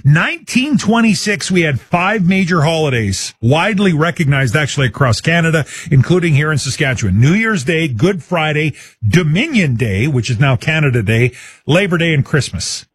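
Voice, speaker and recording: A man's voice: fairly high pitch, animated, normal speed, slightly rough, no room sound. A man hosting a live call-in radio quiz show, chatty and upbeat, taking listener guesses. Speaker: radio talk show host.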